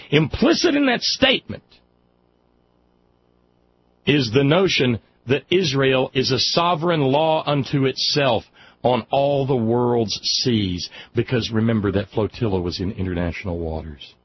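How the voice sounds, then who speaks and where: A man's voice: medium pitch, expressive, measured pace, a little hiss or hum. A man hosting call-in talk radio, speaking in an impassioned, emphatic way and often restarting his sentences. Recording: dull lo-fi radio broadcast.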